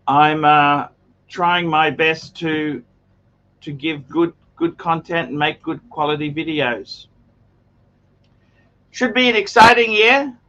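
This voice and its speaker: An Australian man hosts a livestream in loose, casual chat. His voice is a bit high and pushes forward, bright and tense, and he circles back over the same words, stammering through restarts. The stream audio sounds muffled and lo-fi. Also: slow pace, long pauses. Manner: earnest, repeats himself, stammers on restarts. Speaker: livestream host.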